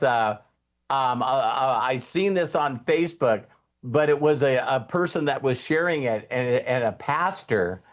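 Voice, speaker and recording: Guy hosting a group chat, rambly, lots of uh and um. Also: on the high side. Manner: rambling, many fillers and restarts. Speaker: host and coach. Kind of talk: casual talk to a group.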